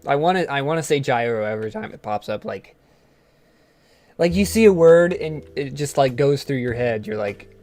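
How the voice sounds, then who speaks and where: A man's voice: medium pitch, lively intonation, moderate pace, a little mellow, faint music behind. A man hosting a gaming channel, chatting in a rambling, self-amused way as he plays. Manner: chatty, rambling, laughs at himself. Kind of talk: casual let's-play commentary.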